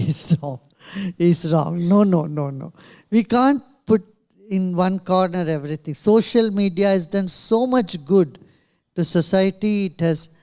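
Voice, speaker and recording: A man answering questions at a press conference in a slow, measured way, pausing often with small laughs. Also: high-pitched, smooth. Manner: slow, measured, with many pauses and soft laughs. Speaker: invited speaker. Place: press club conference room.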